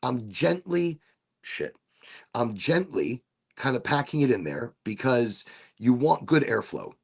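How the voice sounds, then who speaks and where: A playful middle-aged man talks through a livestream demonstration with a gravelly, slightly husky voice. His pitch sits a little high and swings about a lot as he jokes and explains. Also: big pitch swings, unhurried. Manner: playful, breaks into silly voices and asides. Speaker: streamer demonstrating a vaporizer.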